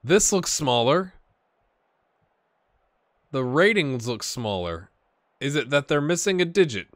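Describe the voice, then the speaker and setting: A man talking his way through a football management game, rambling and second-guessing himself. His pitch swings widely when a play excites him. The sound is dry and close, with no room around it. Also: slow pace, no echo. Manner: rambling, self-questioning, bursts of excitement. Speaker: gaming YouTuber. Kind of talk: casual game commentary.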